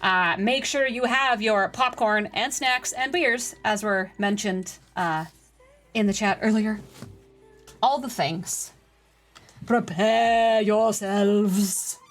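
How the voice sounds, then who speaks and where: A woman live-streaming a game, chatting with her viewers and getting excitable during play. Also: mid-range voice, slow, faint music behind. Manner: chatty, excitable, talks to chat. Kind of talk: live-stream gaming chat.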